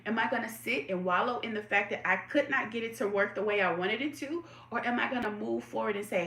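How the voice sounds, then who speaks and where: A woman's voice: a little high, fairly quick, hardly any pauses, fairly bright tone. A woman hosting a live tarot stream, asking her viewers reflective questions and greeting them by name. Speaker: tarot reader hosting a livestream. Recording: roomy echo.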